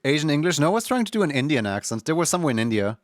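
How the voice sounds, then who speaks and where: A man's voice: on the high side, big pitch swings, very fast, no echo, studio quality. A young man streaming at home in casual chat, rambling with lots of filler words and frequent laughs. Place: home room.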